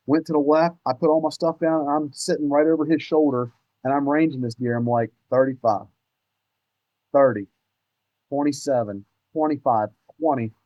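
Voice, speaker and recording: A man with a fairly high voice tells hunting stories with rising excitement and casual cursing. His voice comes through muffled and dry. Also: dry recording. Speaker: podcast guest, bowhunter. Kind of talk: casual storytelling chat.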